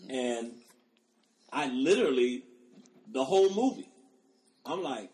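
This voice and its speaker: A man's voice: mid-range voice, expressive, slow, darkish tone. A man, a guest author, talking in laid-back casual chat and laughing easily.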